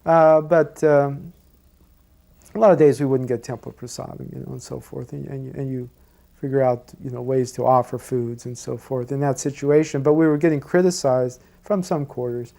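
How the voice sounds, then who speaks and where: A man reminiscing casually, relaxed, with lots of "you know" fillers. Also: mid-range voice, normal speed, vocal fry. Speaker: devotee recalling memories.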